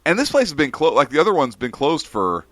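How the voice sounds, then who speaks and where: A man co-hosting a casual talk show, telling a story with a lot of energy. His pitch swings widely as he plays the people in it. The sound is close and dry. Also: quick pace, no echo. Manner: animated storyteller, acts out voices in anecdotes. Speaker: podcast co-host. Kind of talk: casual chat.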